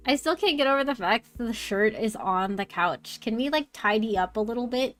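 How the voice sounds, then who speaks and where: A woman's voice: a little high, lively intonation, a little fast, faint music behind. A young woman streaming a dating game, reading its text aloud and chatting casually, giggling often and using one voice for every character.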